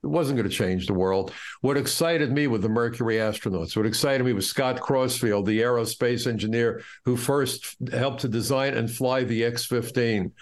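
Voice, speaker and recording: A man's voice: mid-range voice, normal speed, hardly any pauses. Impassioned middle-aged American man. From United States. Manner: impassioned, indignant storyteller. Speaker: interview guest. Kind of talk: storytelling in an interview.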